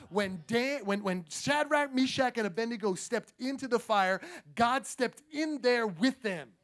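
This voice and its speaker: A male pastor preaching a sermon with energetic emphasis, repeating phrases and calling out to the congregation. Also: extremely high pitch, unhurried.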